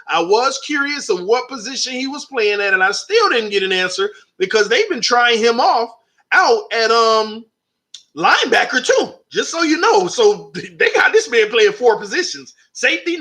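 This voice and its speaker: Animated high-voiced man hosting a sports stream. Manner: animated, talks back to chat readers. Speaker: sports channel host. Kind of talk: live stream sports commentary.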